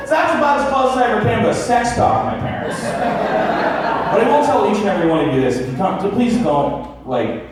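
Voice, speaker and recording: A man's voice: high-pitched, very noisy. Young man doing stand-up, echoey and far. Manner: animated storytelling with acted-out quotes. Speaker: stand-up comedian. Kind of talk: stand-up comedy set. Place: comedy club stage. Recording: echoey club audio from a far camera.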